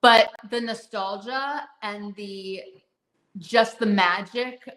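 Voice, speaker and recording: A woman's voice: mid-range voice, slow pace, a bit bright. Gushing woman in an echoey room. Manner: gushing, rambling with many fillers. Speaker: podcast co-host. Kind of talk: casual fan chat.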